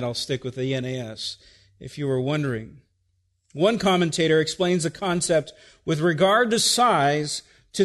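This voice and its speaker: Male pastor, high-pitched, expository preaching, teacherly, checks in with listeners. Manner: teacherly, repeats okay to check listeners, dry asides. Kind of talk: expository sermon.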